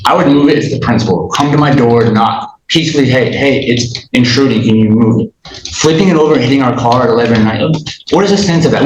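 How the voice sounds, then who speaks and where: An agitated man in his thirties pleads his side before a judge, tumbling through restarts and mimicking the people he quotes. His voice sits at an ordinary pitch and rings out in a roomy courtroom with a faint hiss behind it. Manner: agitated, rambling, restarts sentences, acts out quotes. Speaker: litigant in small claims court. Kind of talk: heated courtroom testimony.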